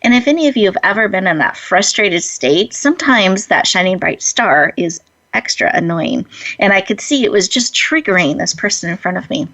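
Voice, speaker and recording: A woman host telling a personal story in an earnest way and then guiding listeners through a slow breathing exercise. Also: medium pitch, lively intonation, sharp tone, low-quality recording. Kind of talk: inspirational talk and guided breathing.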